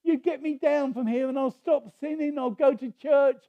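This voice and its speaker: A man voicing a desperate man hanging from a cliff branch, yelling and pleading for help. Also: very high-pitched, fairly even intonation, moderate pace, lo-fi sound, pitched above the performer's own voice. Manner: frantic pleading yells.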